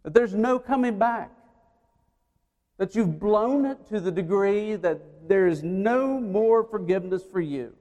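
Male preacher, sermon, storytelling, slow delivery, slightly high voice, long church reverb. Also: expressive. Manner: storytelling, acting out voices, swinging from loud to hushed.

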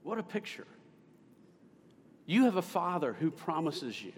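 A man's voice: mid-range voice, lively intonation, normal speed. A male pastor preaching a sermon with emphatic, swelling stresses, recorded in a church sanctuary. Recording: long hall reverb.

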